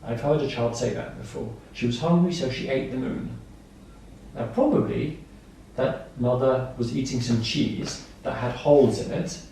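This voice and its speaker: A man's voice: mid-range voice, gravelly, mellow, recorded from a distance, slight background noise. Man lecturing in an echoey room. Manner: simple, repetitive explanations with examples. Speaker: staff trainer. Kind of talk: training lecture. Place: training room.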